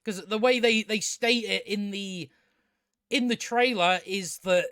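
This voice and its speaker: A man's voice: sits high, unhurried, a bit bright, clean tone, dry recording, studio quality. A man ranting sarcastically about a movie, often stammering and restarting his sentences. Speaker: movie commentator. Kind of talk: casual opinion rant.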